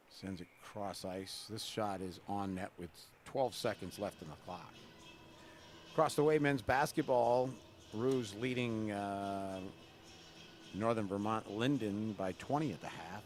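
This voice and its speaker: Low-voiced man calling college hockey. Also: slight background noise. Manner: relaxed, chatty, jokes with the camera person between plays. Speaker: play-by-play announcer. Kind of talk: live hockey play-by-play. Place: college ice rink.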